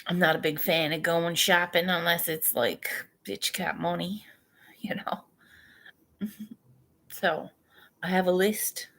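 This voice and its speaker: Casual woman vlogger, slow laid-back delivery, salty and chatty. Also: on the low side, steady tone, fairly bright tone. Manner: chatty, swearing, laughs often. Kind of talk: casual morning chat.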